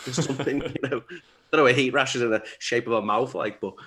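A man's voice: medium pitch, a little fast, pushed and bright. A young man, joking crudely and laughing in a casual podcast chat. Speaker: podcast co-host.

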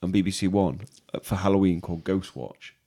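A man's voice: deep voice, a little fast, gravelly, warm tone, slightly rough. A man, co-hosting a podcast in casual, sweary, rambling chat. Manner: sweary, rambling, laughs often. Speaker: podcast co-host.

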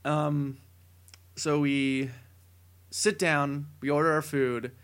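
A young man co-hosting a casual podcast, telling a long story with many fillers that builds to excited shouting. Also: on the high side, slow. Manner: rambling tall tale, building to excited shouting. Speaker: podcast co-host.

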